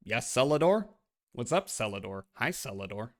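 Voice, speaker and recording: A man's voice: mid-range voice, a little slow, bright, forceful tone. A man live-streaming a game, chatting casually with his viewers in a rambling, profane way. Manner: rambling and profane, talks to chat.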